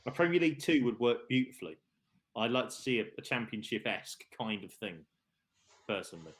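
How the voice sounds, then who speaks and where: A man hosting a live darts stream in a relaxed, chatty way. His voice sits at an ordinary middle pitch. He laughs easily and talks loosely with his co-hosts. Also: fairly quick. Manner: chatty, laughing, reads viewer questions aloud. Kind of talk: casual live stream chat.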